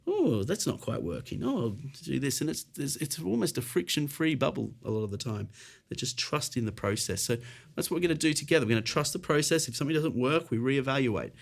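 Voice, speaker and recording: A man's voice: medium pitch, expressive, fast, vocal fry. A British man teaching an online piano lesson, encouraging and casual, explaining while counting and playing along. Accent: British English. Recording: faint piano music behind.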